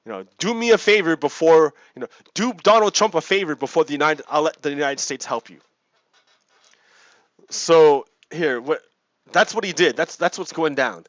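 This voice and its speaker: Recorded dry on a dull lo-fi mic, a man with a higher-sitting voice talks at normal speed. While playing a game for his video, he reads out and explains politics in a relaxed, chuckling manner, frequently repeating himself.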